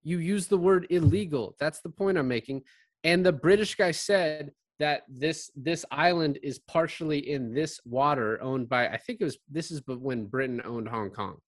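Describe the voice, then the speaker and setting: A man's voice: fairly high pitch, normal speed, no echo, studio quality. A man in casual conversation, rambling through a film and acting out the characters' lines as he goes. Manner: rambling, animated retelling with quoted voices. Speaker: podcast co-host discussing a film. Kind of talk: casual chat.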